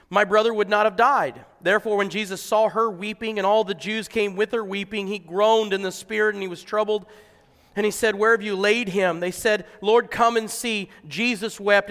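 High, bright-voiced preacher man in a hall. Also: fairly even intonation, moderate pace. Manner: conversational, rising to fervent exclamations. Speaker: pastor. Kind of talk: sermon.

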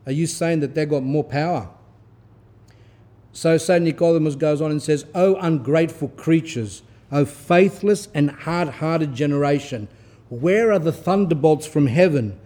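A man giving a sermon, reading a text aloud in a stern, forceful way and stopping to explain it in asides. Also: fairly high pitch, measured pace. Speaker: Orthodox priest giving a talk.

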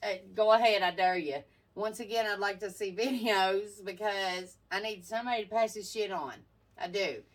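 A woman's voice: medium pitch, fairly even intonation, moderate pace, recorded from a distance. A woman hosting her own podcast, chatting casually with crude jokes and frequent laughter. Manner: crude, joking, laughs often. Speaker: podcast host. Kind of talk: casual chat. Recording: voice from away from the mic.

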